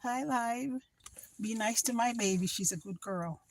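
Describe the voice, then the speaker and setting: A woman's voice: a little high, unhurried, far from the mic, slight background noise. An older woman, the host's mother, chatting playfully and giggling on her daughter's livestream from a car. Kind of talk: casual chat.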